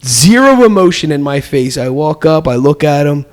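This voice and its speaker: A man's voice: a little high, sing-song, normal speed. A man on a podcast casually telling a childhood story, acting out the quoted voices and laughing often. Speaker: podcast host.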